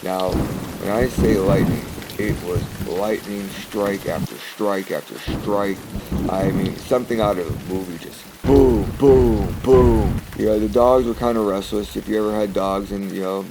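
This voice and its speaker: A man's voice: lowish voice, steady tone, moderate pace, vocal fry, noisy background. A man from New England telling a true personal story in a chatty, rambling way and laughing along as he goes. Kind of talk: casual spoken anecdote.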